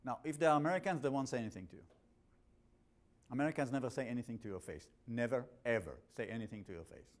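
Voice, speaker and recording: A male instructor with an accent lectures a class in a blunt, animated way, cracking jokes and often cutting off and restarting his sentences. His voice sits at an ordinary middle pitch. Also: quick pace. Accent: non-native English.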